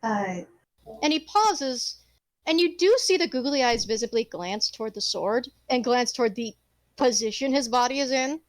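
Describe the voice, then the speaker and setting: Woman game master, high voice, dry close mic, chatty and expressive. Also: normal speed, dry recording. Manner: rambling, expressive, swears casually. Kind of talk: narrating a tabletop game.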